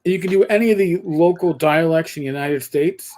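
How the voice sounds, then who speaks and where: A man's voice: on the high side, fairly quick. Rambling older New man. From New York. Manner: rambling, animated storytelling with restarts. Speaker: co-host. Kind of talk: casual chat.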